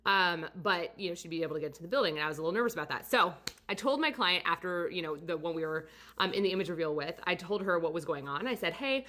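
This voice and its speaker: A woman's voice: on the low side, fast. A woman photographer casually telling a story about a client, chatty and full of fillers. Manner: chatty, many fillers, animated retelling. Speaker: portrait photographer and studio owner.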